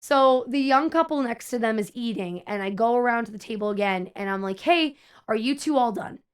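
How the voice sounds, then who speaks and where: A young adult woman chats casually with her viewers as a streamer. She tells an exasperated, animated story and acts out the people in it. Her voice sits a little high and sounds smooth and clear. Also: fairly quick.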